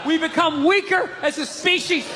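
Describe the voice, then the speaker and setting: A man doing a stand-up routine on a comedy stage, ranting and shouting with profanity. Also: very high-pitched, fairly even intonation, moderate pace. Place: comedy stage before audience. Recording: live club mic with loud crowd noise.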